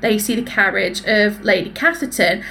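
A woman co-hosting a podcast, retelling a novel's plot in a lively way with quoted dialogue. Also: mid-range voice, normal speed, vocal fry. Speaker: podcast co-host. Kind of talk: casual book-recap chat.

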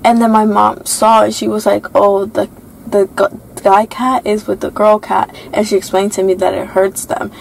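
A woman's voice: medium pitch, level tone, moderate pace, creaky, slight background noise, low-quality recording. A young woman co-hosting a casual podcast, playful and chatty as she tells a story. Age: young adult. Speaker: podcast co-host. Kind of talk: casual chat.

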